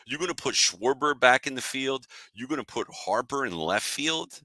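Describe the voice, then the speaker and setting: A man's voice: mid-range voice, animated, moderate pace, few pauses, sharp tone, no echo. A man hosting a casual sports show, ranting in an annoyed, fired-up way and answering chat viewers. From Philadelphia area. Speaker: sports podcast host.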